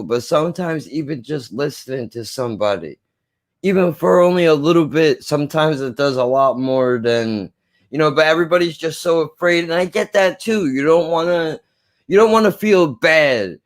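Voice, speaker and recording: A man co-hosting a casual film review, talking in an earnest, impassioned way and swearing for emphasis. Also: on the high side.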